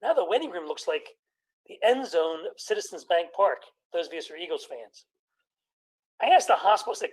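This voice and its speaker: Middle-aged man, stand-up comic bit, deadpan punchlines, slips into quick character voices. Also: high voice, poor audio. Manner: deadpan joke delivery with put-on patient voices. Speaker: comedian doctor. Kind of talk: stand-up comedy routine.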